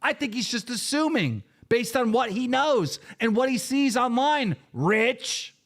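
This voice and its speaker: Loud, animated, angry male streamer. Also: very high voice, a little slow, vocal fry. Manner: angry, profane, repeats himself. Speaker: stream host reacting to clips. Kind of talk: heated live-stream commentary.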